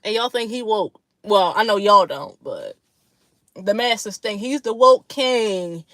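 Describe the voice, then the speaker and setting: A woman's voice: mid-range voice, animated, slow pace, sharp tone, no echo. A woman hosting a casual livestream chat with her viewers, blunt, slangy and profane, laughing often between remarks. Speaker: livestream host.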